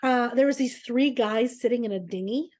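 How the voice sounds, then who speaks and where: A woman co-hosting a casual chat podcast, telling lively family stories with laughter and acting out her dad's lines. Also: a little high, moderate pace. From Canada. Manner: animated storyteller, laughs often, does voices of her dad. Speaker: podcast co-host.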